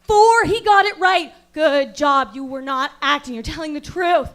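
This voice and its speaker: A woman performs stand-up at a comedy venue, posing as a self-serious acting coach. Her voice sits very high, and her deadpan lectures flip into sudden outraged yelling. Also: normal speed. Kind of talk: stand-up comedy set with crowd work.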